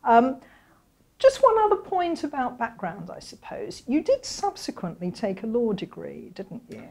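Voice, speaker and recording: Woman interviewer, expressive pitch, mellow tone, short attentive questions. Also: unhurried, vocal fry. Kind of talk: conversational interview.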